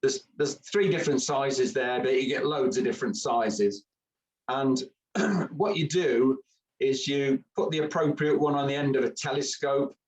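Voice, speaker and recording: A man's voice: medium pitch, a little slow, distant mic, rough recording. A man giving a chatty, joking camera club talk with many fillers.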